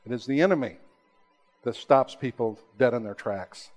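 A man preaching a sermon, rising to emphatic high peaks and then dropping to slow, hushed, low lines. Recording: long hall reverb.

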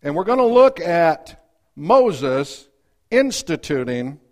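Very animated but taking his time, a preacher with a slightly high voice reads scripture and plays out its voices. He shifts back and forth between loud outbursts and hushed asides.

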